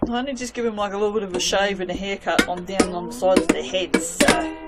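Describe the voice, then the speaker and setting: A woman's voice: medium pitch, steady tone, fast talker, loud music behind the voice. A young woman chatting casually while cutting soap in a cold workspace at night, gushing and poking fun at herself. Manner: gushing, self-mocking, chatty with her cat. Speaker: soap maker.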